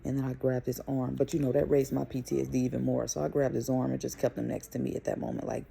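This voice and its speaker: Gravelly young mother telling a story. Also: extremely low pitch, fast, hardly any pauses. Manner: animated, profane, emphatic retelling. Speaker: vlogger and mother. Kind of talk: casual storytelling to camera.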